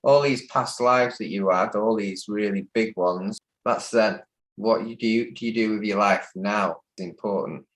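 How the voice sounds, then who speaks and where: A man's voice: fairly low pitch, measured pace, rough recording. A man working as a spiritual healer, giving direct, reassuring advice.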